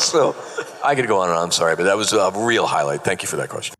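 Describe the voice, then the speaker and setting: A middle-aged man, a former children's TV host, telling animated stories on a convention panel. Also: low voice, quick pace. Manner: animated, laughing storyteller who acts out quotes. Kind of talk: casual panel storytelling. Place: large convention hall. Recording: long reverb of a convention hall.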